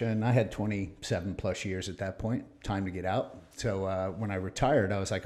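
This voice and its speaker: A man's voice: low-pitched, a little fast, few pauses. A middle-aged American man telling stories in a casual podcast chat, acting out what others said and laughing often. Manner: animated storyteller, acts out quoted voices, laughs often. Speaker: podcast guest.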